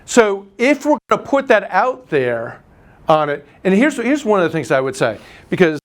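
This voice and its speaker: A man teaching a live real estate class, telling stories and teasing the room. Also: high-pitched. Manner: animated storyteller, teasing, quick asides. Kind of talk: live class lecture with anecdotes.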